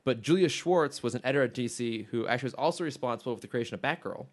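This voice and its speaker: A man's voice: mid-range voice, very fast. A man co-hosting a podcast in casual chat, talking enthusiastically and rambling with restarts and fillers. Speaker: podcast co-host.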